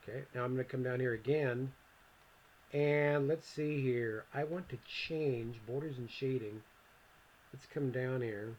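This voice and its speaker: Male instructor, mid-pitched voice, casual screencast walkthrough, slightly muffled lo-fi recording. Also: steady tone, a little slow, a little mellow, a little hiss or hum. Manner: casual, talks to himself while clicking; joking asides to viewer. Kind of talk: screencast software tutorial.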